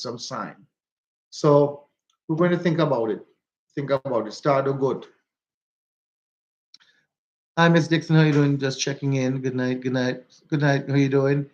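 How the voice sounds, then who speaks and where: Jamaican man, mid-pitched, casual livestream host, repeats himself, greets viewers by name, slightly dull phone audio. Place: walking outdoors.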